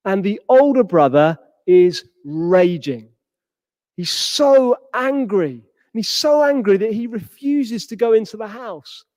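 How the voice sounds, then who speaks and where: A man delivers a sermon in a high, bright voice, and he acts out the quoted lines of the people in his story. The sound is dry and close, with no room echo. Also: animated, slow pace. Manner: acts out quoted characters with rising pitch. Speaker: preacher.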